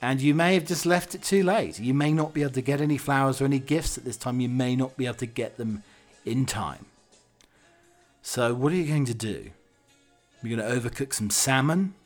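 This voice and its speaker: A man's voice: medium pitch, a little fast, faint music behind. A British man hosting a solo podcast, rambling cheekily and mocking himself. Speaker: podcast host.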